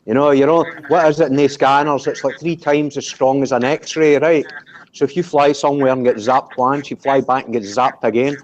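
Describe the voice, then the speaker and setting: A man's voice: medium pitch, fairly even intonation, moderate pace, lo-fi sound. A Scottish man with a Glaswegian accent, chatting casually and telling sweary, jokey stories. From Scotland. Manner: sweary, jokey storytelling with laughs. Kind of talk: casual group chat.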